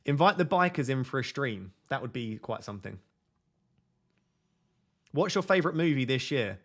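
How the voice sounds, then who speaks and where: A man hosting a live fantasy football stream from his desk at home, speaking at a mid pitch. He reads viewer messages aloud and answers them with jokey, self-mocking asides. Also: expressive, normal speed. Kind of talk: live stream chat reading. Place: home at night.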